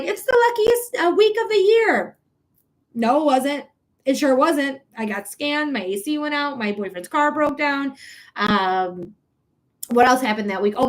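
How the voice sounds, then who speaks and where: A woman speaking casually into her phone on a live stream as a psychic reader. Her voice sits a little high. She rambles and swears freely, talking frankly and directly to her viewers. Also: fairly bright tone.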